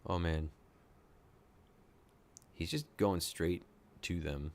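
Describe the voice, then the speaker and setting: A man hosting a reaction video, excitedly thinking aloud and gushing as he watches. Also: low-pitched, drawn-out words. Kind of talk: casual reaction commentary.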